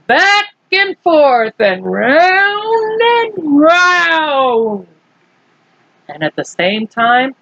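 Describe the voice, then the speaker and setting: A woman reading a children's storybook aloud, playful and animated, acting out the characters' shouts and breaking off to laugh. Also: high-pitched, no room sound, highs cut off. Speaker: storybook reader.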